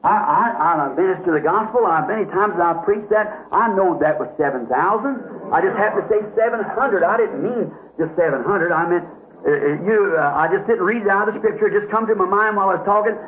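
A man with a high voice, preaching a folksy sermon that keeps checking in with the listeners. The sound is thin and tinny, like an old tape with a faint hiss behind it. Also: fairly quick, reverberant. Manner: folksy, repeats "see?" often, self-correcting. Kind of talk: question-and-answer sermon.

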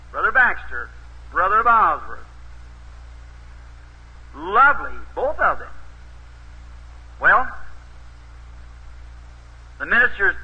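Folksy preacher man on an old tape. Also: sits high. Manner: folksy, rises to emphatic exhortation. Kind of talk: sermon storytelling. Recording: dull, husky old tape recording.

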